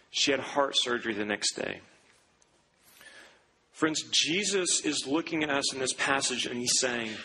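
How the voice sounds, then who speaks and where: A man preaching a sermon, telling a story and acting out the people in it, dropping low and slow for the grave lines. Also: pushed and bright, a little hiss or hum, low-quality recording. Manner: acts out quoted voices, drops low and slow for grave lines. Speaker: pastor.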